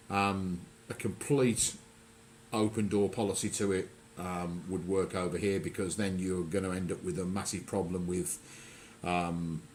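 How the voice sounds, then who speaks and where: A man's voice: lowish voice, a little hiss or hum. A man hosting a casual radio chat, rambling and often correcting himself mid-sentence. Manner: rambling, self-correcting, chatty. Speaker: radio show host.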